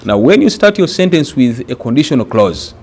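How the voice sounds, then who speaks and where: A man from Uganda teaching an exam-prep grammar lesson, speaking deliberately and repeating words for emphasis. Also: mid-range voice, big pitch swings, darkish tone, husky.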